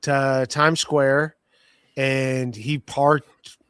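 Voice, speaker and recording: Podcast host, male, mid-pitched, rambling storyteller, dry close sound. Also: level tone, extremely slow, fairly bright tone, clear, resonant tone, no echo. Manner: rambling storytelling with many fillers and restarts. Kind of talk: casual podcast chat.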